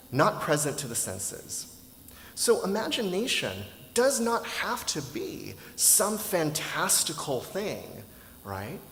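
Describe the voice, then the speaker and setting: A man giving a sermon as a minister, telling a story in a conversational, lively way with rhetorical questions. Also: fairly high pitch, a little hiss or hum. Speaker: minister giving a dharma talk. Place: temple hall. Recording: roomy hall echo with faint ambience.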